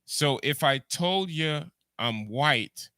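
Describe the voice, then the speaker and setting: A man's voice: a little high, animated, slow pace, pushed and bright, clear, resonant tone, no echo. A man with a Jamaican accent hosting a livestream, rambling through ideas, repeating words and answering his chat. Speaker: podcast host. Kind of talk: casual livestream commentary.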